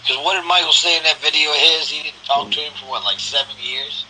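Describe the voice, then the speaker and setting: A man's voice: on the high side, steady tone, fast talker, sharp tone, a little hiss or hum, low-quality recording. A man in a casual phone chat, chiming in with short reactions and questions.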